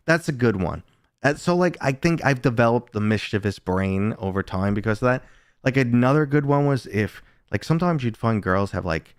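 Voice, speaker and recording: A man's voice: medium pitch, dry recording, studio quality. A man in his thirties from the United States, chatting casually on a live stream, telling stories loosely and swearing now and then. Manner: casual storytelling, swearing, reading chat.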